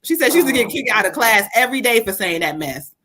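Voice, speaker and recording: A woman hosting a casual live stream of card readings, her voice bright and sitting a little high. She jokes, laughs and curses freely with her viewers, then settles into giving the reading. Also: sing-song, quick pace. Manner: laughing, bantering, profane, addresses viewers directly.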